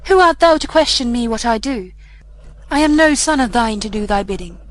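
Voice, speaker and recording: A woman's voice: a little high, expressive, a little fast, lightly acted, rough recording. A woman reading the part of a proud, scornful young boy in a storybook, with a haughty, cold delivery.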